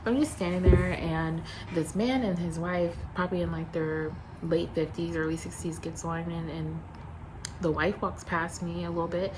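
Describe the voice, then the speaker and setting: Woman vlogging, lowish voice, blunt and animated, acts out both sides, faint hiss. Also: normal speed. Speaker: flight attendant. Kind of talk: casual storytelling vlog.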